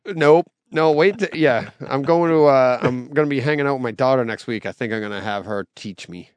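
A man hosting a casual podcast, upbeat and animated and quick to laugh. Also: medium pitch, no echo, dull audio. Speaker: podcast host.

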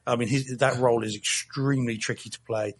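A man's voice: mid-range voice, steady tone, brisk, slightly rough. A man in casual podcast chat, rambling and self-correcting with a wry tone as he reviews a film. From not from Boston.

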